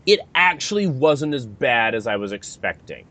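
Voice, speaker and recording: A man co-hosting a podcast chats casually, pausing often on "um" and "uh" and restarting his sentences. His pitch sits mid-range but moves a lot as he talks. He sounds hesitant rather than polished. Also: very animated, sharp tone. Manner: hesitant, halting, many fillers and restarts. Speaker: podcast co-host. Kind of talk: casual chat.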